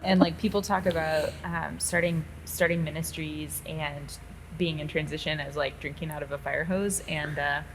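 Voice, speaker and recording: A woman from Michigan, a co-pastor speaking casually in an interview, lively and agreeable with light laughter. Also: sits low, moderate pace, a little hiss or hum, poor audio.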